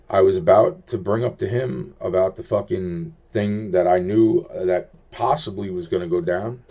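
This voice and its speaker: A vlogger with a somewhat low, mellow voice recounts a long personal story in a rambling first-person monologue. He swears constantly, wanders between thoughts, and keeps cutting off sentences to start them over.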